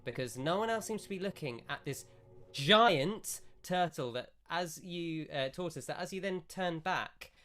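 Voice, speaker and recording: A man's voice: fairly high pitch, lively intonation, a little slow, fairly bright tone. Male game master, casual rambling narration. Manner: rambling, self-correcting descriptions.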